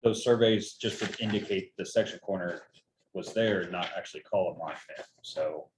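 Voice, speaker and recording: A man's voice: low-pitched, normal speed, a little hiss or hum, poor audio. A man leading a public board meeting, speaking in a hesitant, hedging way with many fillers. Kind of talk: formal meeting discussion.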